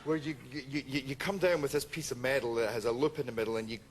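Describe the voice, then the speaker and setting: A man's voice: medium pitch, steady tone, fast talker. A man, a talk show guest, animatedly telling comic anecdotes, laughing often and stumbling over repeated words. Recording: loud background noise.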